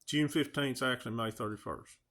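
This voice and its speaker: Bright-voiced man ranting. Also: medium pitch, fairly quick. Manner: earnest, pleading, repeats himself, rhetorical questions. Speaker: video channel host. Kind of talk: emotional direct-to-camera rant.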